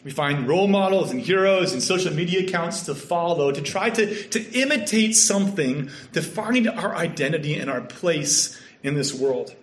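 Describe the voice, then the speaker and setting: A man from Canada with a Canadian accent, preaching a sermon with earnest storytelling that sometimes drops to a soft hush. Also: a little high, lively intonation, normal speed. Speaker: pastor. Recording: echoey room.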